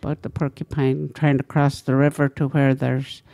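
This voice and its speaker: An older woman from Alaska, an elder storyteller, talking in a gentle, halting way with many pauses. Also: a bass voice, flat delivery, creaky. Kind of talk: unhurried storytelling interview.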